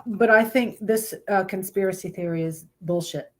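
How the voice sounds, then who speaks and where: A woman at a mid pitch hosts a casual live stream. She chats loosely, greets viewers as they come in, and trips over words while reading topics aloud. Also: moderate pace.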